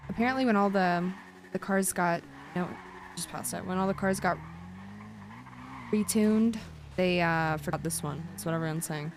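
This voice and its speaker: A woman's voice: lowish voice, normal speed, long pauses, noisy background. A woman chatting in character as a roleplay lawyer, rambling through a story with lots of fillers.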